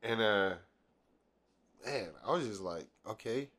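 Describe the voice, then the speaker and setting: A man, an actor guest on a podcast, talking casually and hesitantly with many pauses. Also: on the low side, a bit bright. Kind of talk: casual chat.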